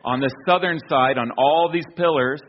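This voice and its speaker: A man's voice: on the high side, normal speed, narrow, tinny audio, a little hiss or hum. A man from the United States giving a casual illustrated talk, telling a travel story with many fillers and restarts. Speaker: speaker presenting an archaeology slideshow.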